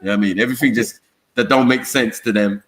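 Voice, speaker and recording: A man's voice: medium pitch, quick pace, a little hiss or hum. A man with a London accent, a guest chatting casually on a live stream and telling stories in slang. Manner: animated storyteller, slips into slang. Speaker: panel guest.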